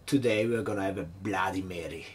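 A man's voice: deep voice, a little fast, husky. A man hosting a casual cocktail-making vlog at his home bar, chatty and hesitant, nervously poking fun at himself. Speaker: home bartender host.

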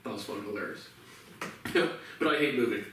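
A man's voice: fairly low pitch, expressive, normal speed, fairly bright tone, slight background noise. A man vlogging in a casual, rambling monologue, profane and sarcastic, often chuckling. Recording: very echoey room, distant mic.

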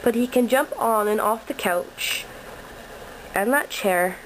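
A woman with a high voice chats slowly and playfully to her dog in a living room. It is recorded on a handheld camera with clear background noise. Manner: playful, coaxing pet talk. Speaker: dog owner filming her puppy. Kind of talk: casual home video, chatting to a pet. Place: living room at home, indoors. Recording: noisy amateur home video.

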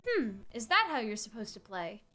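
A woman voicing a calm, aloof male fae prince, speaking slowly and formally in a lowered voice. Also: faint music behind, exaggerated voice.

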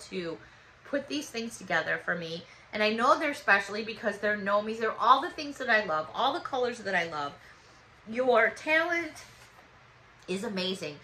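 A woman's voice: medium pitch, slight background noise, rough recording. A woman in her fifties chatting casually and gratefully as she opens fan mail. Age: 50s. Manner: warm, gushing, chatty and thankful. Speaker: vlogger opening fan mail. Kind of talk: casual chat.

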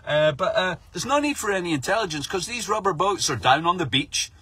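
Raspy sarcastic man ranting. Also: sits high, expressive, fairly quick, pushed and bright, no room sound. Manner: sarcastic, mocking, swears a lot. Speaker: comic news commentator. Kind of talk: sweary satirical rant.

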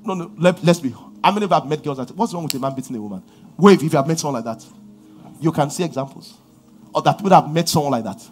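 A Nigerian man preaching in a high, lively voice that leaps up and down. He moves between quiet, confiding asides and sudden loud outbursts. Faint music plays behind him. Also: fast talker. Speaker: pastor. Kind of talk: sermon.

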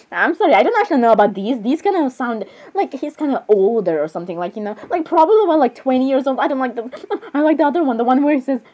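A woman's voice: high-pitched, lively intonation, fast, warm tone. A young woman in comedic role-play, reacting to clips, giggling, flustered and apologizing a lot.

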